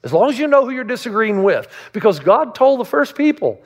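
A man's voice: very high voice, sing-song, fairly quick. A man preaching a sermon as a pastor, emphatic and full of rhetorical questions. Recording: long reverb of a large hall.

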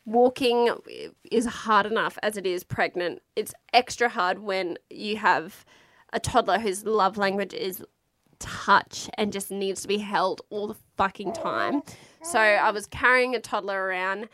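A woman's voice: medium pitch, unhurried, fairly bright tone, no echo. Frank, chatty woman. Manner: frank, chatty, swears freely, lots of fillers. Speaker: mother telling her birth story. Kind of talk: candid casual storytelling.

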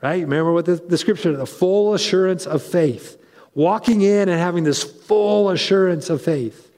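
A man preaching a conversational sermon as pastor, animated and chatty with frequent asides and restarts. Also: sits high, moderate pace, in a large hall.

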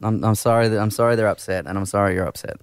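A man's voice: lowish voice, steady tone, rapid-fire, clear, resonant tone, dry recording. An Australian man hosting breakfast radio, bantering with co-hosts and putting on grovelling apologies. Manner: mock-outraged, then soft grovelling apology. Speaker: radio host.

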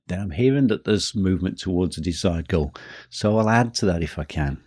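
Deep husky-voiced male podcast teacher. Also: expressive, a little mellow, dry recording, studio quality. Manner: measured, slows down for emphasis. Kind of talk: scripted podcast talk.

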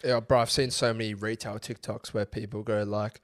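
A man's voice: on the low side, flat delivery, fairly quick, no room sound, studio quality. A man with an Australian accent, co-hosting a podcast, telling stories in a sweary, laughing, casual chat. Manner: sweary, storytelling, laughs often. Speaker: podcast co-host.

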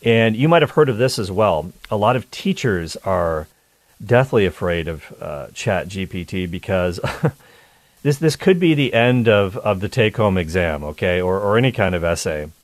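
A man's voice: low-pitched, expressive, normal speed, no echo. A man hosting a call-in radio talk show, chatty and joking with his listeners. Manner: chatty, jokey, upbeat.

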